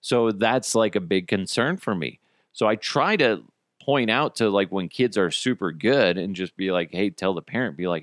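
A man's voice: lowish voice, animated, moderate pace, fairly bright tone, no echo, clean studio sound. A man in his thirties hosting a podcast, chatting casually, swearing freely and acting out the quotes in his stories. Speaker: podcast host. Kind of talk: casual storytelling chat.

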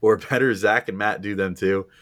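A man co-hosting a sports podcast who works through listener questions in an easy, rambling manner. He talks in a fairly low voice and swears casually. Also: fairly even intonation, moderate pace, fairly bright tone. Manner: laid-back, swears casually. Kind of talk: casual chat.

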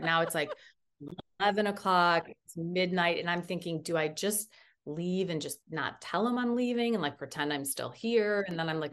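A woman in her thirties, a podcast guest, telling a story in a casual, animated way, full of "like" fillers. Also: on the low side, moderate pace.

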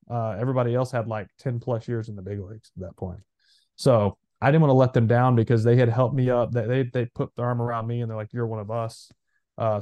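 A man in his thirties, a former player co-hosting a podcast, talking in an animated, rambling way with lots of fillers. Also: medium pitch, no room sound. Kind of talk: casual chat.

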